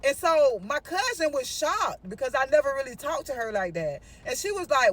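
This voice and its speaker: A woman vlogger telling a story in an animated, sassy and dramatic way, speaking straight to her viewers. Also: sits high, normal speed, few pauses, far from the mic.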